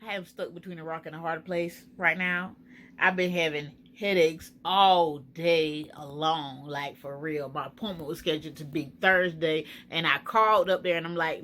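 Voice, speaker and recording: A woman's voice: fairly low pitch, normal speed, bright, forceful tone. A woman from Florida, chatting anxiously and emotionally to her viewers in a casual home vlog. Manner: anxious, emotional, talks to viewers as girl and y'all. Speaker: vlogger. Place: home kitchen.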